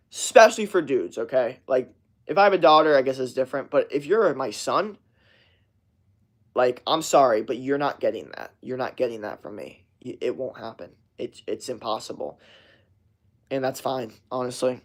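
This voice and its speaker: A man's voice: mid-range voice, animated, moderate pace. A young man in college ranting casually to camera, profane and rambling, mocking people in whiny put-on voices. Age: young adult. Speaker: vlogger.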